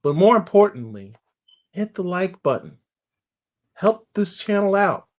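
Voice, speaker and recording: A man's voice: sits high, big pitch swings, measured pace. A man hosting a casual online comics interview show, joking with his guest and plugging the channel. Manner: playful, hypes up the channel. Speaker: show host.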